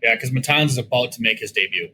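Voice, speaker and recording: Male podcast guest, quick bright delivery, rambling, faint noise behind him. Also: medium pitch, rough recording. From American Midwest. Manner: rambling, filler-heavy talk. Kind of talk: casual chat.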